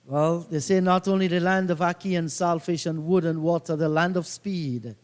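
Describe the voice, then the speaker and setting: A man's voice: a little high, moderate pace, long reverb tail. A man doing live cricket commentary, telling leisurely reminiscing anecdotes between deliveries.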